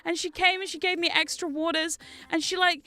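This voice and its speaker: A young woman with a New Zealand accent, chatting casually as a livestream host, animated and quick to swear and laugh. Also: very high voice. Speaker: streamer.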